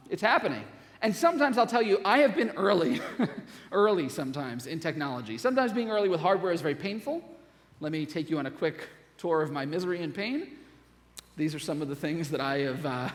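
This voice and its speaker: A middle-aged man giving a humorous conference keynote, joking with quick asides and laughter. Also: high voice. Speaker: keynote speaker. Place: large conference hall. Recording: long hall reverb.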